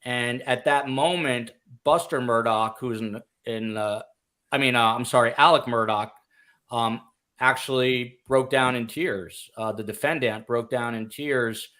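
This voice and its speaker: A man hosts a true crime podcast and recaps the day's court events in a loose, conversational way. He fills his pauses with "um" and "uh" as he goes. His voice sits in a mid pitch. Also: bright, forceful tone. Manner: lots of um and uh fillers, conversational. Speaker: podcast host. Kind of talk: casual podcast chat.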